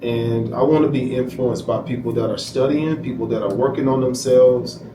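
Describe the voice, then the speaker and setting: A man's voice: mid-range voice, steady tone, moderate pace. A man as an interview guest, telling a personal story emphatically and quoting himself. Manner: emphatic, repeats phrases, quotes himself. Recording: echoey room, distant mic, noisy.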